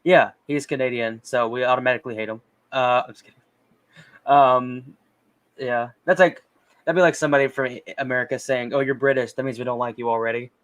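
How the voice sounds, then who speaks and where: A man's voice: medium pitch, steady tone, brisk, fairly bright tone. Rambling joking man hosting a podcast. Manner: rambling, joking, many ums and restarts. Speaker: podcast host. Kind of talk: casual chat.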